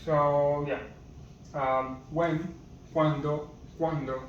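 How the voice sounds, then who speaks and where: Hesitant male teacher with a higher voice, listing words one at a time, recorded muffled in an echoey room. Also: flat delivery, drawn-out words, distant mic, slight background noise. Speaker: language teacher. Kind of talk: casual vocabulary lesson.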